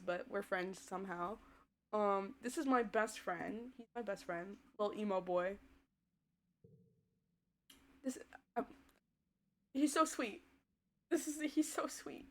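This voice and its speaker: Slow-talking, giggly woman streamer. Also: medium pitch, a bit bright. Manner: chatty, giggly, answering chat. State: voice tiring. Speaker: VTuber streamer. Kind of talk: casual live-stream chat while playing a game.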